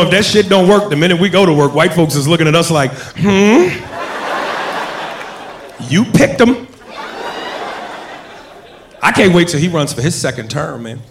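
A man's voice: on the high side, fast talker. A man doing a stand-up routine in a brash way, provoking the crowd. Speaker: stand-up comedian. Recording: echoey club with crowd noise.

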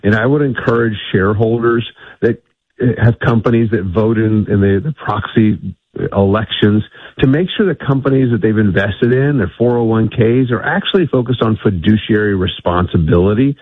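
A man's voice: lowish voice, normal speed, husky, no echo. A man being interviewed on the radio over the phone, talking emphatically and often restarting his sentences. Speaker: energy policy guest. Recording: tinny phone line.

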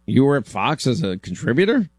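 A man's voice: mid-range voice, big pitch swings, brisk, slightly rough, dry recording. A man hosting a talk radio show, talking bluntly and joking around with a guest.

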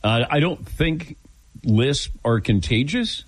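A man's voice: medium pitch, expressive, slow pace, rough recording. A man hosting a sports talk radio show, easygoing and teasing, taking calls and bantering with his crew. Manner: easygoing, teasing, laughs often. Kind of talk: casual talk radio chat.

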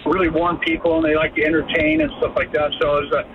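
A man's voice: on the high side, sing-song, fast talker. A man in his fifties calling in to a radio show, telling a heartfelt story in a rambling way. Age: 50s. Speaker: caller. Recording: tinny phone line with noise.

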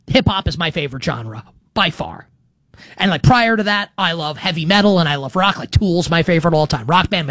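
A man's voice: high-pitched, a bit bright, no room sound. A man in his thirties hosting a sports betting show, talking in a loose, rambling monologue full of restarts and asides. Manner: chatty and rambling, with frequent restarts and "like". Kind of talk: casual talk-show monologue.

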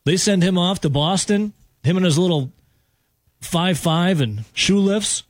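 A man's voice: high-pitched, animated, no echo, clean studio sound. A man hosting a sports radio show, teasing and joking in casual banter with his co-host and a caller. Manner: joking, teasing, quick asides. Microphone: studio microphone.

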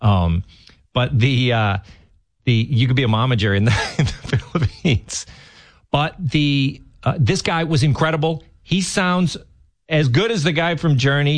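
Rambling man hosting talk radio. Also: medium pitch. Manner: rambling, repeats words, laughs as he talks. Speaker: fill-in radio host.

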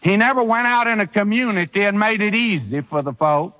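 A man's voice: high-pitched, brisk, sharp tone, lo-fi sound. A man preaching a sermon, emphatic and full of rhetorical questions.

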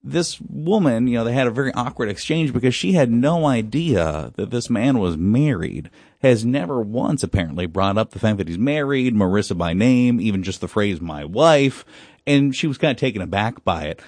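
A man hosting a morning radio talk show, telling a listener's story in a lively, animated way. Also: mid-range voice, moderate pace, no room sound, clean studio sound.

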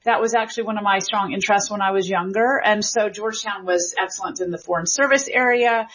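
Husky-voiced Gen X woman linguist. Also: mid-range voice, quick pace, highs cut off. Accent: light Southern American. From Memphis, Tennessee. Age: Generation X. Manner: chatty, animated, many fillers and restarts. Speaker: linguist guest. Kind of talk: interview answers.

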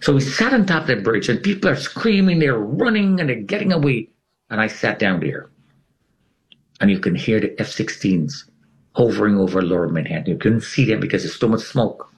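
Man guest, low voice, lively dramatic storytelling. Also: a little fast. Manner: animated, acts out scenes. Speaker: interview guest.

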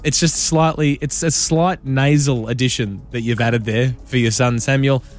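An Australian man hosting a radio show in casual banter, chatty and quick to laugh. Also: medium pitch, fairly even intonation, soft background music. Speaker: radio host.

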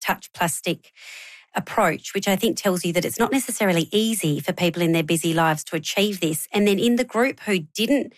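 A woman's voice: lowish voice, no echo. A woman host in conversation, asking a guest questions. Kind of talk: interview conversation.

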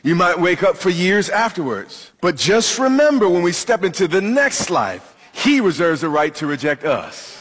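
A man preaching a sermon as pastor, emphatic, with dramatic pauses and questions to the congregation. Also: high-pitched, big pitch swings, fairly bright tone, slightly rough, long reverb tail.

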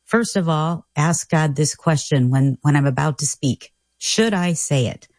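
A woman guest on a radio talk show, telling a personal story in an earnest, reflective way with soft laughs. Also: sits low, measured pace, no echo, studio quality. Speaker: guest author. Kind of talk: casual radio conversation.

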